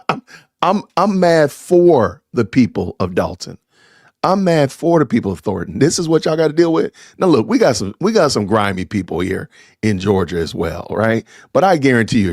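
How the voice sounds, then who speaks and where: Middle-aged male host, indignant live-stream commentary, trips over his own words, very animated pitch. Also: no echo, studio quality. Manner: indignant, stammering, repeating himself. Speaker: podcast host.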